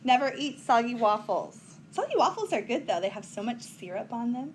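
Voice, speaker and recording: A woman's voice: on the high side, sing-song, fairly quick, a little hiss or hum. A woman teaching a recorded whiteboard math lesson, chatty, with playful asides to her students.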